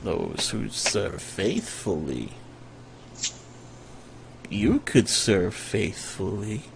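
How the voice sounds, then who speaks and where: A man voicing a dying male evil wizard, who shifts from screaming in terror to low, sly mockery. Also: big pitch swings, drawn-out words, vocal fry, background noise, heavily acted. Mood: sly, menacing. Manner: terrified screams, then low, sour mockery.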